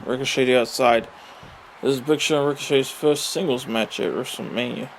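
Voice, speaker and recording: Excitable man calling a wrestling game. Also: medium pitch, a little fast, slight background noise. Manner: excitable, with frequent exclamations and mild swearing. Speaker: gaming commentator. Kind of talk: excited play-by-play over a wrestling video game.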